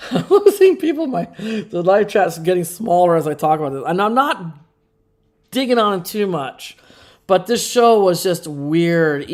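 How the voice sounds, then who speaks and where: A man with a somewhat high voice talks loosely on his own live stream. He rambles and restarts, tosses in sarcastic asides and chuckles between thoughts. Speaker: livestream host. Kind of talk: casual live-stream commentary.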